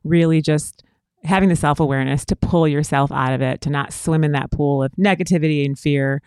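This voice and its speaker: A woman's voice: low voice, a little fast, a little mellow, clear, resonant tone, dry recording, studio quality. Chatty reflective woman hosting a show. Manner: reflective, chatty, lots of likes and fillers. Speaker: show host. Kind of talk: casual conversational chat.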